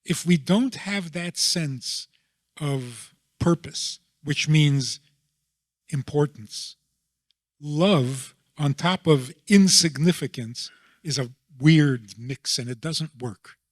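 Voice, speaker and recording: A man being interviewed as a rabbi, explaining his views in a deliberate way and often checking in with a rhetorical question. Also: a little high, no room sound, studio quality.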